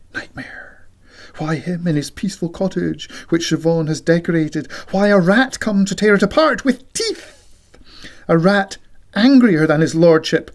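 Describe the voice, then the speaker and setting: A man reads a literary novel aloud in a slow, deliberate way. His voice sits a little high, and he whispers the sound effects. The reading is theatrical and expressive. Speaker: audiobook reader.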